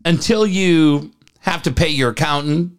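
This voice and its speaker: A man's voice: a little high, a little slow, clear, resonant tone. A man co-hosting a talk radio show, telling rants and stories full of swearing and reading ads between them. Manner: profane, animated storytelling rants. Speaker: radio co-host. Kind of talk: casual talk radio with live ad reads.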